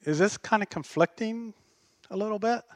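A man's voice: high voice, moderate pace, a little mellow, no echo. A man preaching a sermon as pastor, passionate and emphatic.

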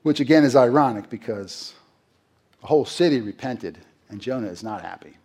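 A middle-aged pastor gives a sermon in a slightly husky voice of ordinary male pitch, expressive and darkish at a moderate pace. He speaks conversationally, posing rhetorical questions and acting out quotes.

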